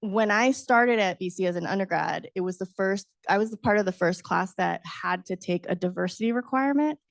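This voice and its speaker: Animated woman telling a story, laughing. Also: medium pitch, a little fast, creaky, no room sound, studio quality. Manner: animated, acts out her past self, laughs often, says "right?". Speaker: author guest. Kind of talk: storytelling at a book talk.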